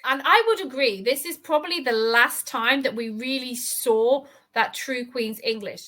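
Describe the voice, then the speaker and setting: A woman teaches English in a bright, lightly raised voice. She reads an article and slows down to explain each tricky word with care, sometimes stretching a term out. Her tone stays clear and steady. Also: high voice. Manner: explains words slowly and carefully, stretching key terms. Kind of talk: reading lesson with explanations.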